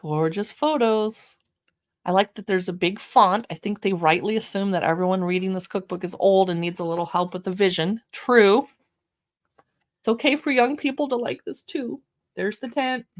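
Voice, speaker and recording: A chatty woman hosting a casual livestream, leafing through a cookbook and exclaiming over the pictures with self-deprecating asides. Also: medium pitch. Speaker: livestream shopping host.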